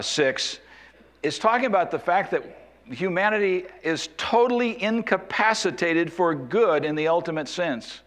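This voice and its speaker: A man preaching an expository sermon, slowing down and dropping his voice low to stress key points. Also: fairly bright tone. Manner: expository preaching, slows and drops low for emphasis. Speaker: pastor.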